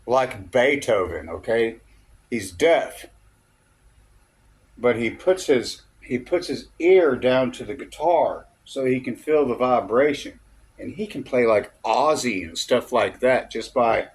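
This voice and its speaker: A man telling a rambling personal story, chuckling often and checking in with "okay?". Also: medium pitch. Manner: chuckling, loose and digressive, peppered with "okay?" and "uh".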